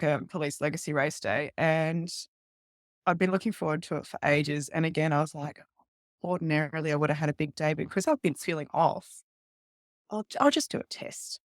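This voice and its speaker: An Australian woman in her thirties, a guest on a podcast, talks through her own story in a chatty, open way and slips into the voices of the people she quotes. Her voice sits on the low side, and the recording is dry and close, with no room sound. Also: fairly even intonation, moderate pace, no room sound. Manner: chatty, laughs often, acts out quoted voices. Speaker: podcast guest, police detective. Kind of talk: candid personal storytelling.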